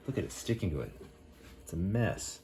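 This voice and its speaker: Low-voiced man joking while cooking. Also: sing-song, normal speed, warm tone, slight background noise. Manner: playful, rambling jokes. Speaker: cooking show co-host. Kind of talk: casual cooking chat.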